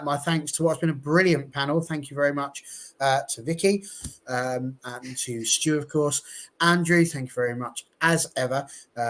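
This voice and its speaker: A man's voice: medium pitch, a bit bright. A man hosting a casual panel show, rambling and chatty with many fillers as he signs off. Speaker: host.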